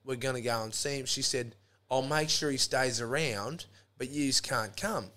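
A man's voice: medium pitch, normal speed, pushed and bright. An Australian man telling a rambling, sweary story in a casual chat, throwing in lots of "mate". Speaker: podcast guest.

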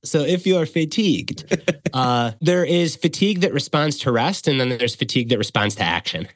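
A man of middle pitch talks as a guest expert and explains in a coaching tone, reaching for practical examples. He is close to the mic in a dry, dead room. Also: lively intonation, brisk, no room sound. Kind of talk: conversational explanation.

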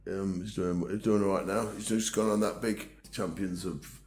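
A middle-aged man, a podcast guest talking in a loud, laddish way with plenty of swearing. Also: low-pitched, fairly even intonation, moderate pace. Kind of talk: casual chat.

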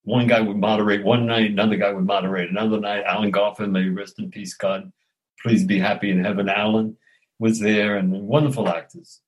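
An older man, an actor telling lively anecdotes in an interview, chuckling and acting out the dialogue. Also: fairly low pitch, fairly quick, breathy edge, low-quality recording. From Brooklyn, New York. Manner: animated, acts out dialogue, chuckles often.

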